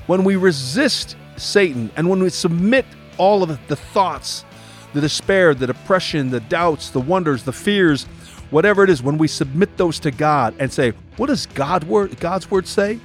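Emphatic man preaching, fairly high voice. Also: expressive, faint music behind. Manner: emphatic, acts out voices in quick asides. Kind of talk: devotional teaching.

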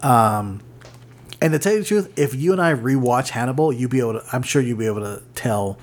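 Male podcast co-host, mid-pitched, loose and rambling, stumbles and restarts while reading notes. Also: lively intonation, brisk. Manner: rambling, many fillers and restarts, reads notes aloud. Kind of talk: casual chat.

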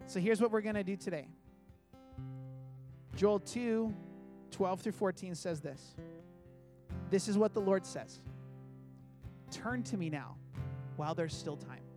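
A man's voice: high-pitched, a little slow, long pauses, dark tone, faint music behind. A man preaching a sermon as pastor, earnest and conversational, acting out little quoted asides.

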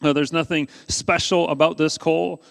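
A pastor preaching a sermon in a relaxed, conversational way, with frequent fillers and restarts. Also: male voice, a little high, moderate pace, gravelly, long reverb tail.

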